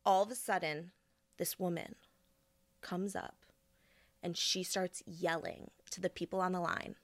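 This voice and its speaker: A woman's voice: fairly low pitch, measured pace, no echo, clean studio sound. A young adult woman hosting a podcast, telling a story in a casual way and acting out the people in it. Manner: animated, quoting people in put-on voices. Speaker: podcast host.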